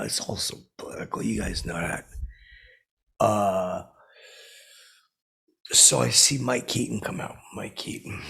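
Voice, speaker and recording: A man doing a gravelly belligerent washed-up blowhard. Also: lowish voice, fairly bright tone, heavily acted. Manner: rambling, halting, full of fillers and restarts. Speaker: podcast host in character. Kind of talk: in-character comedy podcast monologue.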